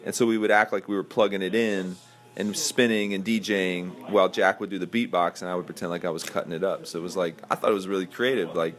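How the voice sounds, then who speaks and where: A man's voice: deep voice, steady tone, fast talker. A middle-aged man hosting a podcast, telling a long backstage story in casual chat and acting out the quoted voices. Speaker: podcast host.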